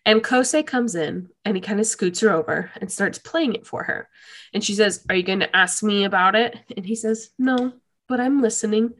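A young woman co-hosting a podcast, recapping an anime episode in gushing, animated casual chat. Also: mid-range voice, normal speed. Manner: gushing, animated storytelling with laughs. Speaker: podcast co-host.

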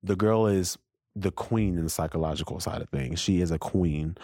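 A man with a very low, deep voice talks earnestly and openly about his feelings. He is a co-host on a relaxed faith podcast, recorded close on a dry mic with no room sound. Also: moderate pace, no echo. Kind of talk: casual faith conversation.

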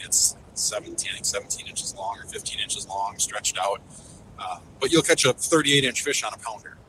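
A man's voice: fairly low pitch, pushed and bright, a little hiss or hum, low-quality recording. A man, a fishing guide, talking in a casual podcast interview, enthusiastic and rambling with lots of fillers and restarts.

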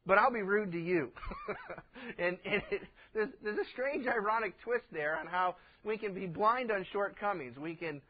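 A man's voice: sits high, muffled recording. A man preaching a sermon as pastor, folksy, acting out little voices in his stories.

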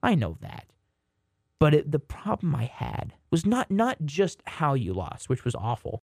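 A young man co-hosting a casual sports podcast, joking and rambling with quick restarts. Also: on the high side, huge pitch swings, gravelly, darkish tone, slightly rough, no room sound, clean studio sound. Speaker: podcast co-host.

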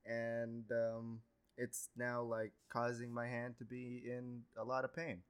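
An easygoing young man co-hosting a podcast, chatting casually and laughing often. His voice sits at a middle pitch. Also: completely flat delivery, takes it slowly, clean tone. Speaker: podcast co-host. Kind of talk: casual chat.

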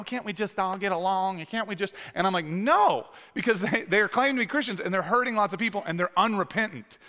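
A man's voice: sits high, pushed and bright. A man in his thirties, a pastor preaching a sermon in a casual, conversational way, with many fillers and restarts. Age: 30s. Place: church sanctuary with long reverb. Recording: echoey hall reverb.

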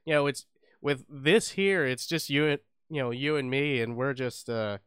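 A man's voice: medium pitch, normal speed, fairly bright tone, clean tone, no echo, studio quality. A young man co-hosting a podcast in casual chat, rambling with lots of fillers and restarts and swearing freely. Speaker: podcast co-host.

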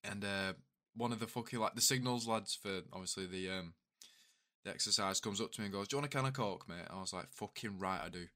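A young man with a lowish voice trades crude, joking army stories with his mates on a podcast. He talks casually and swears freely. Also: fast, bright, forceful tone. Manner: crude, jokey storytelling. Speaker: podcast co-host and editor. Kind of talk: casual chat.

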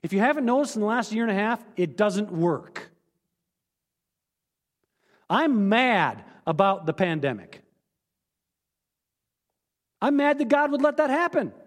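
A male pastor preaching a candid, emphatic sermon, dropping suddenly quiet for personal admissions, in a church. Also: sits high, big pitch swings, a little slow, long pauses, in a large hall. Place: church sanctuary.

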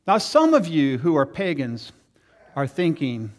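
A man's voice: on the high side, a little slow. A middle-aged male pastor preaching a sermon, telling stories and acting out the voices of people he quotes. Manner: storytelling, animated, acts out quoted voices.

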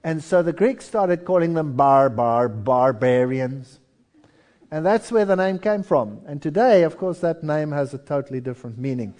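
A male preacher with a fairly high voice delivers a sermon a little fast, with hardly any pauses. He tells history as an animated story, acting out the voices.

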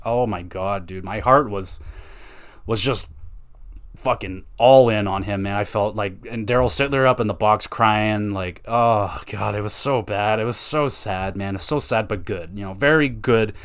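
A young man hosting a podcast, talking through hockey games in an excitable, profane, casual way, tossing "man" and "dude" into his sentences. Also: fairly low pitch. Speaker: podcast host. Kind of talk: casual sports podcast monologue.

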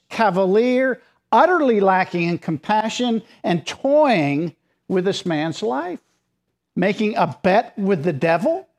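A pastor preaching a sermon in a conversational but emphatic way, with informal asides. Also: medium pitch.

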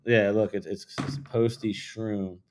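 A man telling loose, profane party stories in a casual podcast chat, full of fillers, dropping to quiet asides and rising into loud excited bursts. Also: lowish voice, unhurried, a little hiss or hum. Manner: loose, profane, rambling storyteller with many fillers. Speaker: podcast guest, videographer.

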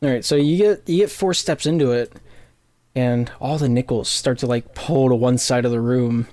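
A game master narrating a tabletop role-playing scene, halting and full of fillers. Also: mid-range voice, darkish tone.

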